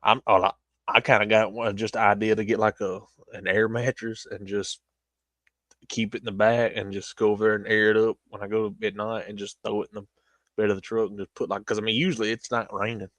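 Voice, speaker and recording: A man's voice: on the low side, level tone, fairly quick, a bit bright, dry recording. A young man, rambling through stories in casual chat on a stream. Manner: rambling storytelling with frequent laughter.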